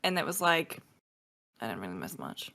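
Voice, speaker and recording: Lively woman guest, swearing freely. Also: low-pitched, moderate pace, creaky. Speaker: podcast guest. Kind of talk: casual podcast chat.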